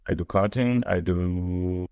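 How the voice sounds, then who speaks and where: Deep smooth guy talking slow, halting english, lots of ums, on his phone. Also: darkish tone, dry recording, muffled recording. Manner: hesitant, halting non-native English with many fillers. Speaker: guest. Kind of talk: casual interview chat. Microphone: mobile phone.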